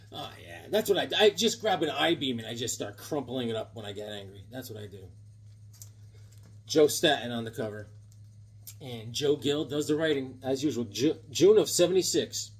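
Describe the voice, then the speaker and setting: A man in his seventies with an expressive, slightly rough mid-range voice shows off a haul of old comic books at normal speed. He chats casually and enthusiastically in this haul video, rambling and cracking jokes.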